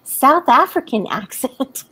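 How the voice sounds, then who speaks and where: Her high, husky voice has a sharp tone and is very animated, though her pace is slow. This American livestream host chats casually during a live writing session, often laughing and reading comments from viewers out loud. The recording is dry and low quality.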